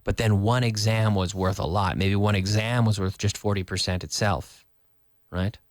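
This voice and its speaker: A man's voice: on the low side, fairly even intonation, normal speed, no room sound, studio quality. A man teaching a live online English lesson, explaining with repeated example sentences, glossing words in Spanish and answering viewer comments.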